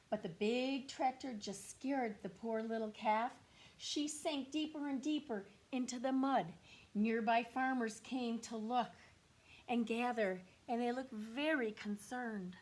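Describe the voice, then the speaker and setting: Slow gentle woman reading to children. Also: on the high side. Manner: gentle, questioning, drops to whispers for kids. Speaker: teacher reading aloud. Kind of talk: children's read-aloud.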